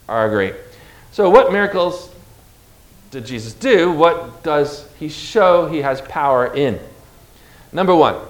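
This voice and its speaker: Energetic preacher, a man in an echoey hall. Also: fairly high pitch. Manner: energetic, emphatic, has the congregation repeat words. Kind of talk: sermon. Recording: echoey room.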